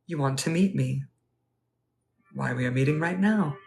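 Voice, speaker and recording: A man playing a polite, wistful Edwardian gentleman at a ball, speaking formally and courteously in a live role-play. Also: medium pitch, moderate pace, vocal fry, close to an everyday voice. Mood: genteel. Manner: formal, courteous, old-fashioned phrasing.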